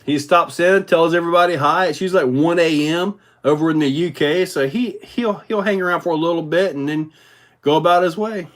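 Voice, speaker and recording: A man's voice: a little high, fairly quick. Chatty male livestream host. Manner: rambling, relaxed, many fillers. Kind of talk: casual livestream chat reading viewer comments.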